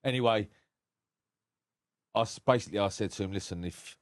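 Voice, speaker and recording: A man with a very low, deep voice tells his own story on a podcast. He speaks frankly and with emotion and swears freely. His voice sounds close and dry, with no room echo. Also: brisk. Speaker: podcast guest. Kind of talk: candid personal storytelling.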